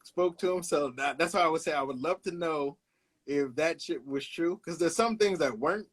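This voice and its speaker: A man in his fifties from Brooklyn, a guest illustrator telling stories in a relaxed interview with frequent "uh"s. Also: fairly high pitch, moderate pace. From Brooklyn, New York. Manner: laid-back, anecdotal, hesitates with "uh", laughs along. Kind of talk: casual storytelling interview.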